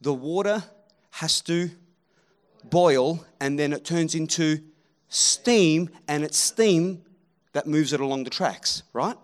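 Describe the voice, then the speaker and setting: A man preaching a sermon, animated and rallying the crowd, swinging between loud calls and hushed moments. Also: on the high side, takes it slowly.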